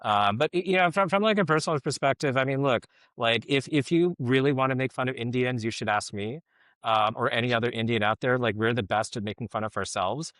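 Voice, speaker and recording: A man's voice: mid-range voice, fairly quick, fairly bright tone, no room sound, studio quality. A middle-aged man giving casual podcast commentary, rambling and filling his talk with "like, you know".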